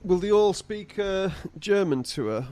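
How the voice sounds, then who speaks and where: A man's voice: high-pitched, expressive, unhurried, warm tone. A man co-hosting a podcast, bantering in a teasing, playful way. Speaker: podcast co-host. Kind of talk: casual chat.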